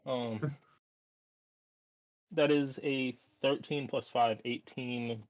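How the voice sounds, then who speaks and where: A man playing a tabletop game, speaking haltingly with frequent restarts. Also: medium pitch, steady tone. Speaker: player. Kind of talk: casual tabletop role-play. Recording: dull lo-fi audio.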